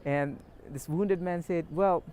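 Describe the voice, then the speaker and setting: A man, a spiritual teacher, telling a parable in a gentle, unhurried way. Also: on the high side, expressive. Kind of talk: storytelling talk.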